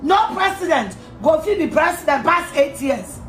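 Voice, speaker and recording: Fierce high-voiced Ghanaian woman ranting. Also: lively intonation, normal speed. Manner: heated, insulting, repetitive, shouts at times. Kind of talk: angry rant to camera. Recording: echoey room with faint music.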